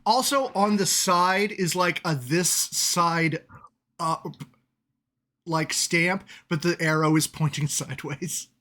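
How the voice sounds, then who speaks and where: A man's voice: on the high side, slow pace, bright, forceful tone. A man narrating as game master of a tabletop game, chatty and laughing often as he describes the scene.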